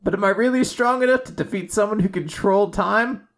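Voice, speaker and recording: A man voicing a calm young male hero with great muscle strength, in a matter-of-fact deadpan way. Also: high voice, fairly quick, pitched above the performer's own voice.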